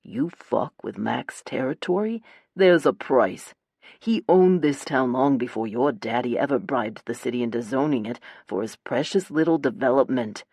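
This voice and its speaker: A woman's voice: rumbling low, animated, moderate pace, darkish tone, husky, dry recording, studio quality, voice pushed down, exaggerated voice. A woman voicing a cruel, crude male gangster who threatens his captive in an audiobook. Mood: menacing. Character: menacing male gangster kidnapper, cruel and taunting. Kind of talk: audiobook character voice.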